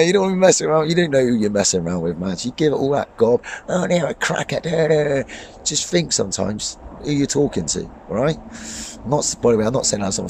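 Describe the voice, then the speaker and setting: Fast-talking, heated man ranting. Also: medium pitch, a little hiss or hum. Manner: blunt, swearing, heated with laughs. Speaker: fishing vlogger and boxing coach. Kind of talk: ranting vlog monologue. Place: outdoors by a lake.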